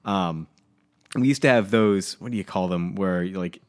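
A man's voice: low-pitched, unhurried. Worked-up storytelling man, swearing. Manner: animated, swears, worked up while telling a story. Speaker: podcast co-host. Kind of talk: casual storytelling chat.

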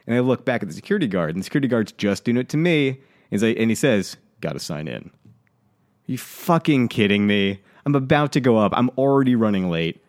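A man co-hosting a casual podcast, telling an annoyed story with lots of swearing and lively venting. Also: medium pitch. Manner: animated, swears, worked up while telling a story. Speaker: podcast co-host.

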